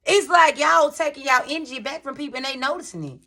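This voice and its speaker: A woman's voice: sits high, fast talker, vocal fry, bright, forceful tone. A woman giving a casual tarot reading, talking candidly to her viewers with slang and swearing. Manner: chatty, rambling, addresses viewers as y'all. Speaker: tarot reader.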